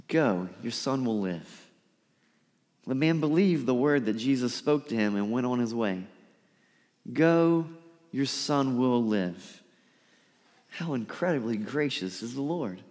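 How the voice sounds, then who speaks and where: A man preaching a sermon, lively and emphatic, sometimes dropping to a soft pleading voice to act out a quote. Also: a little high. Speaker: pastor. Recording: reverberant hall.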